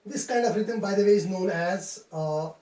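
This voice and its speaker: A man teaching a classroom lesson on poetry, speaking deliberately and repeating phrases as he explains. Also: sits high, darkish tone, distant mic. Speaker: English teacher. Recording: echoey room, voice off-mic.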